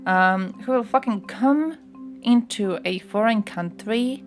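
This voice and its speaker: A woman's voice: fairly high pitch, slow pace, soft background music. A young woman chatting casually on a livestream, ranting bluntly and swearing often.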